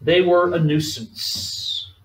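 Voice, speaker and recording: Distant echoing male preacher. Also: on the high side. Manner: measured, emphatic preaching with call-and-response. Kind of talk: sermon. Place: church sanctuary. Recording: echoey room, distant mic.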